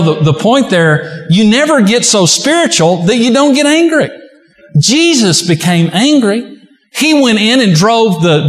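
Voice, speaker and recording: A man's voice: very high-pitched, a bit bright. A man preaching a sermon as a pastor, telling folksy stories with humor. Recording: echoey hall.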